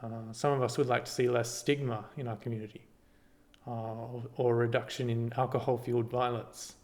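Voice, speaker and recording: A man casually walks through a screen-recorded tutorial, relaxed and halting, with lots of ums and restarts. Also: mid-range voice. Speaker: party volunteer giving a tutorial.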